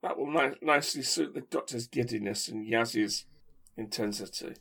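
Husky guy chatting on a podcast, wry and opinionated, kinda breathy. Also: mid-range voice, sharp tone. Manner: opinionated, wry, thinks aloud with pauses. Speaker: podcast co-host. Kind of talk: casual chat.

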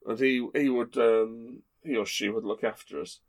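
Creaky-voiced man, rambling host. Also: medium pitch, steady tone, normal speed. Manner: rambling, fond storytelling with playful asides. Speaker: podcast host. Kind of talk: casual chat.

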